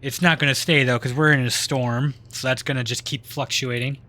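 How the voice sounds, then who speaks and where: A man's voice: medium pitch, fairly even intonation, fairly quick, pushed and bright. A man streaming live gameplay, chatting and laughing often, trailing off mid-sentence.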